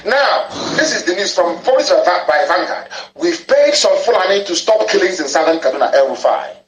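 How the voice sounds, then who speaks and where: Fiery man with a high voice. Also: expressive, fairly quick, roomy sound, rough recording. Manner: fiery, insulting, repetitive. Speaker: broadcaster. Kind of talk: live political broadcast.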